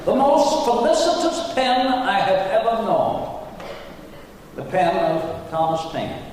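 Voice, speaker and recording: A man's voice: sits high, sing-song, slow, a little mellow, a little hiss or hum, exaggerated voice. A man playing Thomas Jefferson on stage, speaking in ornate, flowery old-fashioned oratory. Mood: genteel. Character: Thomas Jefferson, learned and genteel statesman. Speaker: historical re-enactor. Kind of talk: in-character stage Q&A. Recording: distant mic in echoey auditorium.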